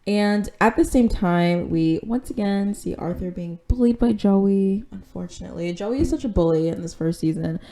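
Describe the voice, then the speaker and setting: A woman's voice: medium pitch, moderate pace, hardly any pauses, dark tone. A woman hosting a podcast in casual chat, candid and chatty, with plenty of "like" and "um" and the odd casual swear. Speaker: podcast host recapping an episode.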